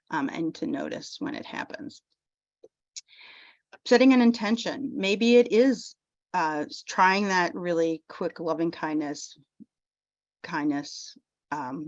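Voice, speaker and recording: A woman with a lowish voice gives a gentle, unhurried teaching talk as a chaplain, often pausing to restart her phrases. The sound is dull and lo-fi, with a dry, close feel. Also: dry recording. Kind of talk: teaching talk on self-compassion.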